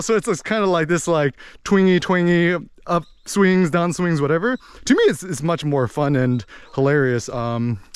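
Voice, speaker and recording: A man's voice: on the high side, clear, resonant tone, no room sound. A young man talking casually and playfully, with many fillers, explaining dialect bias. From United States.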